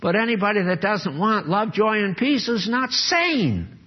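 An older man preaching a sermon, earnest and emphatic, dropping low and grave, then rising to exhort. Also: sing-song, moderate pace, slightly rough, highs cut off.

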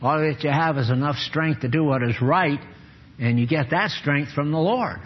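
An older man giving an informal, folksy sermon with chuckles and sudden animated bursts. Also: fairly high pitch, normal speed, breathy edge. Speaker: preacher. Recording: dull lo-fi recording.

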